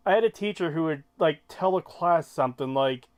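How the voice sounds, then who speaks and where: A man's voice: on the high side, a little fast, hardly any pauses. A man chatting casually on a podcast, with dry, sarcastic quips. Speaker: podcast co-host. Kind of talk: casual chat.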